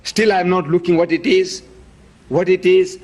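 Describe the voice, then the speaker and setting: A man's voice: high voice, fairly even intonation, moderate pace, a little mellow. A man lecturing an audience in an emphatic way, showing objects and repeating key words. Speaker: debate speaker.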